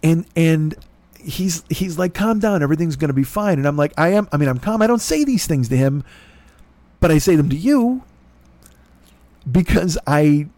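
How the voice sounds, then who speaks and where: A man's voice: on the high side, lively intonation, a little slow, long pauses, warm tone, no room sound. A middle-aged man rambling through a profane, self-deprecating story as a podcast host, acting out both sides of conversations. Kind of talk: casual storytelling monologue. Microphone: laptop recording.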